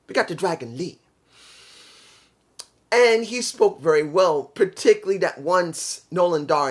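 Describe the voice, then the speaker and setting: A man giving a casual, opinionated wrestling show review, blunt and emphatic, often repeating his points. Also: fairly high pitch.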